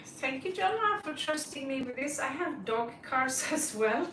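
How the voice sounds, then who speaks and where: A woman chatting on a live tarot stream in a bright, slightly high voice, drifting from story to story and greeting viewers by name. She takes her time, and the sound is roomy, as if she sits a little away from the mic with faint noise behind her. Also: animated, a little slow, recorded from a distance. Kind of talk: casual live-stream chat. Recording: roomy, set back from the mic.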